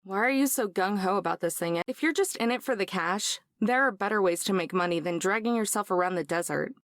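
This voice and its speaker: A woman's voice: mid-range voice, brisk, dry recording, lightly acted. A woman voicing a sensible, sarcastic young woman in a video game, dry and level-headed. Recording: game audio with music behind.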